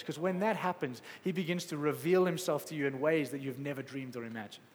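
A man preaching a sermon with passion, swinging between loud exclamations and quiet, soft stretches. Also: fairly high pitch, a little fast, hardly any pauses, big-room sound, a little hiss or hum. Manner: passionate, rising to exclamations then dropping soft.

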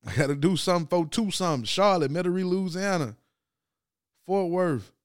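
A man hosting his own podcast, talking sports in a loose, slangy monologue that swings from loud to low and subdued. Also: normal speed, clear, resonant tone, no room sound, clean studio sound. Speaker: podcast host. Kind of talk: casual sports talk monologue.

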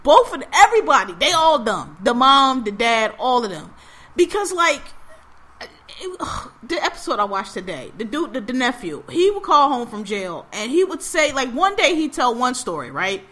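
Bright, animated high-voiced woman. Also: normal speed. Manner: animated storytelling, acts out quotes, swears freely; laughs often. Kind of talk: casual chat.

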